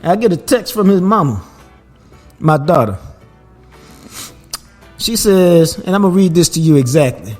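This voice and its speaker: A relaxed man tells a long story in a casual, unhurried way. His voice sits a bit high for a man and swings widely in pitch. Faint music plays beneath. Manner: laid-back, laughs while telling stories. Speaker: podcast host.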